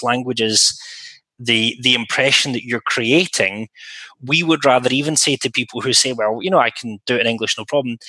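A man who works as an interpreter, co-hosting a podcast and laying out a long, measured argument in casual panel chat. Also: medium pitch, bright, forceful tone, dry recording.

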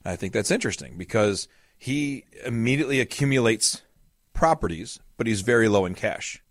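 A man's voice: lowish voice, expressive, fairly quick, dry recording, clean studio sound. A man hosting a podcast as a financial advisor, explaining with family stories and repeating key points for emphasis. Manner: earnest, explains with family anecdotes and acted-out quotes.

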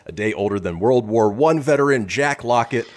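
A man's voice: mid-range voice, moderate pace. A man hosting a radio show, reading news items and joking casually with his co-host. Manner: animated, joking delivery with fillers. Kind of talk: casual comedic news chat.

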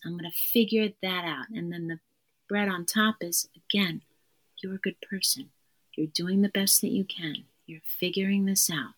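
A woman's voice: mid-range voice, a bit bright. A woman therapist, a podcast guest, talking in an earnest, emphatic way and repeating her key phrases. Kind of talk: conversational interview.

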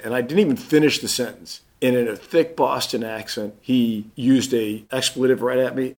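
A man's voice: medium pitch, normal speed, few pauses. Man telling a story and acting out the voices. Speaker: guest. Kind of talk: casual storytelling.

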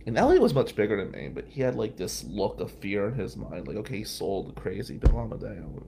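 A male podcast host telling a personal story in an animated way, swearing freely and loudly acting out what others said. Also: on the low side, brisk, creaky, hardly any pauses, slight background noise.

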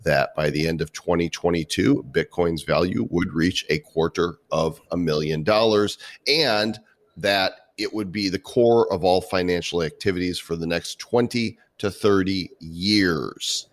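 A man's voice: low-pitched, a little slow. A man co-hosting a crypto news show, reading out news items and joking with his co-host in casual chat.

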